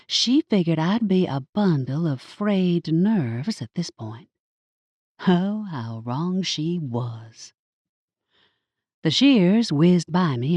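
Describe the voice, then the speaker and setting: A woman with a low voice narrates a first-person audiobook, taking her time with a measured, wry delivery. Her pitch rises and falls with a lot of expression. The close studio recording is dry. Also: a little mellow, breathy edge, no room sound, highs cut off.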